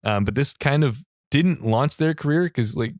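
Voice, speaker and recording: A man's voice: mid-range voice, lively intonation, normal speed, darkish tone, no room sound, clean studio sound. A man co-hosting a casual film podcast, chatty and wry, often breaking into laughter. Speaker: podcast co-host.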